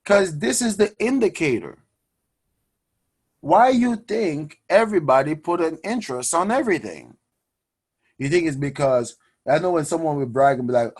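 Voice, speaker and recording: A man hosting a personal finance show, talking to his audience in an energetic, preachy way and calling them guys. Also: on the high side, moderate pace, slightly rough. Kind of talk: energetic motivational money talk.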